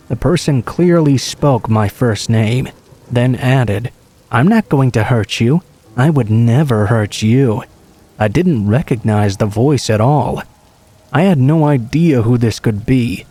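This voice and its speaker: A man calmly reading true horror stories aloud as a scripted narration. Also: medium pitch.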